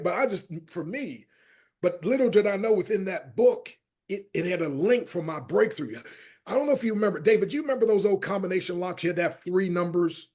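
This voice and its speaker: Here a middle-aged man, a motivational speaker on a podcast, tells stories in an interview in a husky and somewhat high voice. His manner is animated as he plays the people he quotes, and he goes from soft asides to near shouts.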